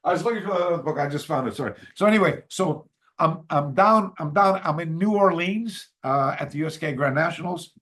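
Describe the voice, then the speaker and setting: Older man telling a story, halting. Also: a bit bright. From Canada. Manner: halting, many restarts and fillers, sudden lifts in pitch. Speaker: podcast guest. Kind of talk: casual storytelling interview.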